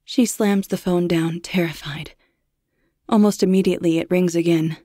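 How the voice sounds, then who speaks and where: A woman narrating a horror story in a measured, hushed, suspenseful way. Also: fairly low pitch, fairly even intonation, no room sound, studio quality.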